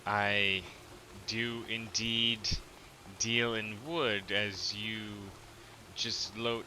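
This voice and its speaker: A man voicing an aloof, dismissive female merchant in a tabletop game, measured and dry. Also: lowish voice, steady tone, sharp tone, slight background noise, full character voice, rough recording.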